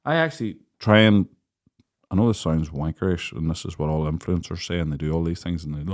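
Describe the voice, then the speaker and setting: He's a late-30s podcast host from Northern Ireland, low-pitched and fast. The chat is casual and lively, packed with crude jokes, stories, and plenty of laughter.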